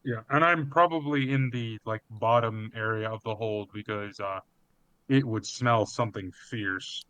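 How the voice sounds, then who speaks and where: A man playing a tabletop game, chatting casually about what his character does. His voice is bright and clean, in a dry space. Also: on the low side, a little slow, clear, resonant tone, no room sound. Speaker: player.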